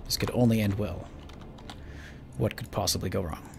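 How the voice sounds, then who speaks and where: Playing a space building game, this man chats and rambles through let's-play commentary, poking fun at himself as a gaming channel host. He speaks at normal speed in a lowish voice with vocal fry, and background noise is audible.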